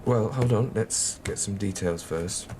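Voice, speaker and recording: An actor playing a doctor who asks measured, probing questions of a patient in a television drama. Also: male voice, on the low side, darkish tone, slight background noise, natural voice. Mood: calm. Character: calm GP hearing out a patient.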